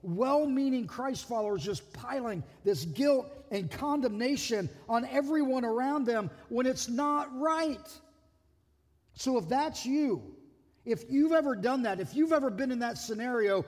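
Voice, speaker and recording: A male pastor preaching a sermon in an animated way, acting out quoted voices and often repeating words as he goes. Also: extremely high pitch, a little slow, long reverb tail.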